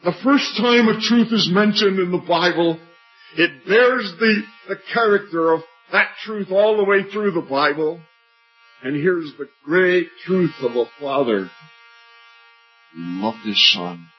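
An older man preaches an earnest evangelistic sermon at a meeting. His voice climbs high when he asks questions and sinks low and quiet on the key lines. The recording is dull and lo-fi, with faint music underneath. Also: expressive, a little slow. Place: church meeting.

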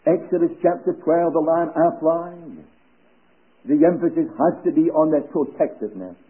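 A man delivers a church sermon in a fairly high voice, measured and deliberate, letting key phrases sink to hushed, low endings. The recording is thin and tinny, like a phone line. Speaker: preacher. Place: church service.

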